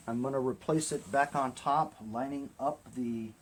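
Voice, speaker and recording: A gravelly, medium-pitched male voice comes through over slight background noise. The speaker, a small-engine repair vlogger, chats easily with his audience while repairing a lawn tractor engine in a casual, hands-on demonstration.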